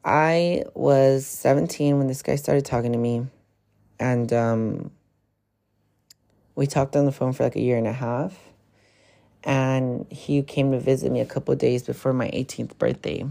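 This man, in his twenties and from California, has a mellow medium-pitched voice with vocal fry, a steady tone, and an unhurried pace. Hosting a podcast, he tells a personal story in casual confessional style. He's frank and profane, rambling with plenty of fillers.

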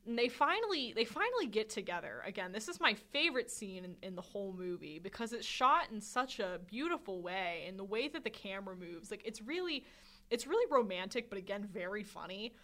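Bright, lively woman chatting about a film. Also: medium pitch, fairly quick. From Swedish. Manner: chatty, laughs often, retells scenes with quoted lines. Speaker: podcast co-host. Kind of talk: casual film discussion.

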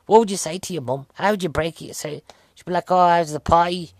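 A man's voice: on the high side, quick pace, a little mellow, husky, no room sound. A man, rambling jokily as a podcast host reviewing a film and poking fun at himself. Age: 40s. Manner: rambling, jokey, self-mocking. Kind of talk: casual film review chat.

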